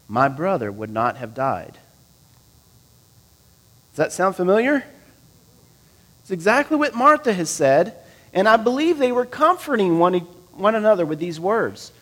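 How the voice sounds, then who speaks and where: Lively, animated male preacher. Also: sits high. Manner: conversational, asks the listeners questions; lively, swinging between loud and quiet. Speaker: pastor. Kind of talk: sermon, reading and explaining scripture.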